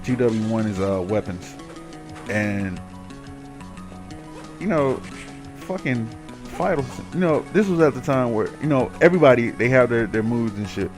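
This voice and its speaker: A man's voice: medium pitch, animated, normal speed, pauses often, over music. A man casually telling a long story over gameplay, cursing freely, rambling and growing heated as he rants. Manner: profane, rambling, gets heated while ranting. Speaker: gaming commentator.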